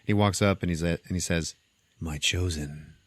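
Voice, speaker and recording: Speaking a little fast in a low, clear, resonant voice, a man hosting a podcast casually and comically recaps a film. He tells the story with animation, performing the scenes along the way.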